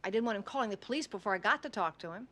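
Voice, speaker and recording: An actress playing a woman on trial for murder, answering evasively and haltingly in a TV movie courtroom drama. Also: mid-range voice, expressive, a bit bright. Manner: hesitant, defensive, halting. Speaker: defendant.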